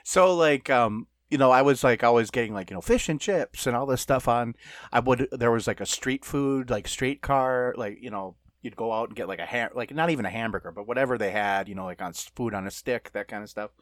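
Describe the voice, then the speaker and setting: Man, podcast co-host, casual rambling storytelling, lots of fillers, mid pitch, dry close sound. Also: brisk, no room sound. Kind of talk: casual chat.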